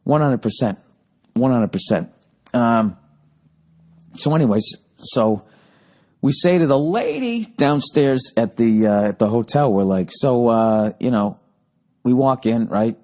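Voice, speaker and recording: A man telling a story on his own podcast, talking loosely and swearing constantly as he rants. His voice sits at an ordinary male pitch, and he rambles through the story in a relaxed, unscripted monologue. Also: measured pace, long pauses. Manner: profane, ranting. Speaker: podcast host.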